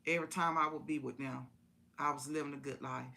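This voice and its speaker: A woman's voice: low-pitched, fairly even intonation, fast talker, gravelly, sharp tone. A woman telling a personal story in a casual, folksy way on a live stream, repeating phrases for emphasis.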